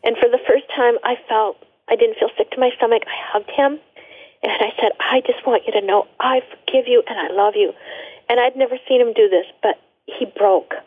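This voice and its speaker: A woman guest telling a personal story in a radio interview, earnest and halting, with many restarts. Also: on the high side, slightly rough, no echo. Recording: tinny phone line.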